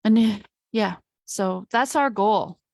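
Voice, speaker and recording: Female host-coach, slow reflective delivery with a gravelly edge. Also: mid-range voice, a little mellow, no echo, studio quality. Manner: heartfelt, reflective, slow and thoughtful. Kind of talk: casual conversation.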